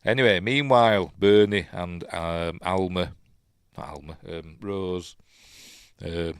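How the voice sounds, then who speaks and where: A man's voice: deep voice, slow, clear, resonant tone, no room sound. A man with a Yorkshire accent hosting a casual film breakdown, rambling and emotional, full of ums and uhs. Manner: emotional, chatty. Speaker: film review host.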